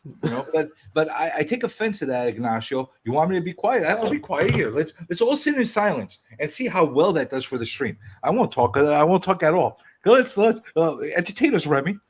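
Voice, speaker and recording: A man in a casual group video chat, teasing the others with loud, rambling, playful bluster. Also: a little high, sing-song, a little fast, a little hiss or hum. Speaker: community hangout regular.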